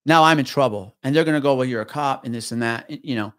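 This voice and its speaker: A man, a retired police officer, telling a story in a casual podcast chat, profane and animated, with lots of restarts. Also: mid-range voice, fast talker, no room sound, studio quality.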